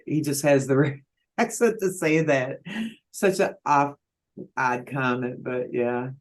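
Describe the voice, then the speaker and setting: A man's voice: medium pitch, takes it slowly. A male host, joking and laughing often in a casual chat.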